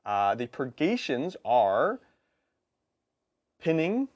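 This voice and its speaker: A man in casual live-stream chat, talking through game rules with easy asides and quick laughs. His pitch sits mid-range but swings freely up and down as he goes. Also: wildly swooping pitch, a little mellow. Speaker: co-host of a tabletop gaming stream.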